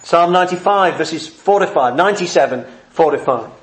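A man's voice: fairly high pitch, animated, brisk, reverberant, slight background noise. A man preaching a heartfelt, earnest sermon.

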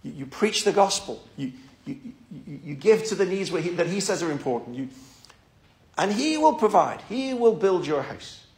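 A man's voice: sits high, big pitch swings, normal speed, a little mellow, reverberant. A man preaching a sermon and leading prayer, talking earnestly and often repeating words as he starts a thought.

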